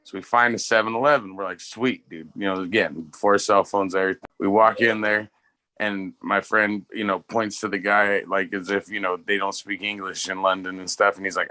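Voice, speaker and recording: A man's voice: on the low side, fairly even intonation, brisk, bright, forceful tone. A man co-hosting a casual pop culture live stream, telling rambling, profane anecdotes. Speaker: podcast co-host. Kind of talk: casual chat, storytelling.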